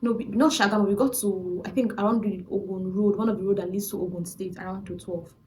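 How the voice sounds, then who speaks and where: A young Nigerian woman tells her personal testimony at a chatty, animated pace, often restarting her sentences as she goes. Her pitch sits mid-range for a woman. A faint hiss runs behind her voice. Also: fast, rough recording. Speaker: vlogger.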